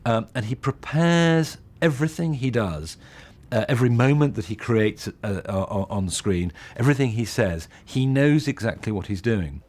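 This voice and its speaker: A man's voice: mid-range voice, animated, normal speed, hardly any pauses, a little mellow. A man, a film director, explaining his choices eagerly and fluently in a behind-the-scenes interview, with some fillers.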